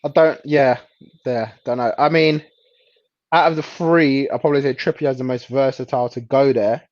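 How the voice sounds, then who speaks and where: A man chatting casually about football as a co-host, relaxed and hesitant, often laughing. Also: medium pitch, moderate pace, no room sound, dull audio.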